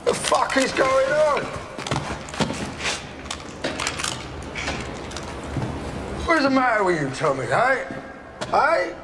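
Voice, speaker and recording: An actor playing a volatile, foul-mouthed middle-aged gangster who rambles and breaks into sudden shouts. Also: male voice, extremely high pitch, sing-song, moderate pace, heavily acted. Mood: agitated. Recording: echoey film scene with ambient noise.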